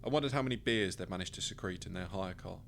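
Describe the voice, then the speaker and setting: A man's voice: low-pitched, quick pace, vocal fry, a little hiss or hum. A man, narrating his own short story in the first person with a dry, wry delivery.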